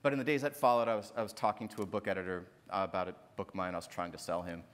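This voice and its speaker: Speaking from the stage of a big, echoing lecture hall, this northern Minnesota author shares a personal story at a literary festival. His low voice has a fairly bright tone and mostly even intonation, and he races along, earnest and emphatic, repeating phrases and tacking "right?" onto his points.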